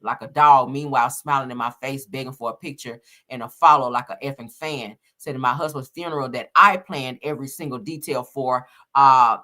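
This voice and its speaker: A woman commentating on celebrity gossip, reading out text messages haltingly with many fillers and casual slang asides. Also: rumbling low, bright, forceful tone.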